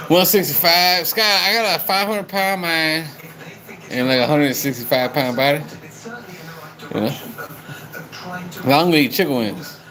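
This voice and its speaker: A young man with a fairly high voice is livestreaming over a low-quality recording, chatting loosely with viewers and calling them by name. He's rowdy and repetitive, rambling along and swearing constantly.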